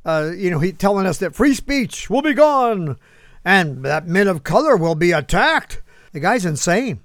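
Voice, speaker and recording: A man's voice: high voice, sing-song, measured pace, a bit bright, no echo, studio quality. A man hosting a political commentary show, sarcastic, talking back to an unheard listener. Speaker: host.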